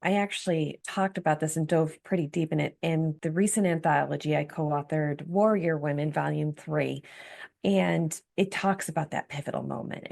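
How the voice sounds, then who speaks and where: Low-voiced woman with a gravelly edge. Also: darkish tone. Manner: earnest, reflective, spiritual. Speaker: guest, empowerment coach. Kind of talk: candid personal story in interview.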